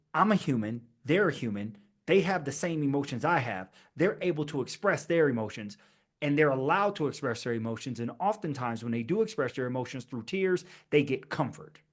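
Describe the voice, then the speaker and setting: A man hosting his own podcast, talking alone in a rhetorical style with slow, emphatic repeated phrases. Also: a little high. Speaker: podcast host. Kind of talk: scripted-sounding solo podcast monologue.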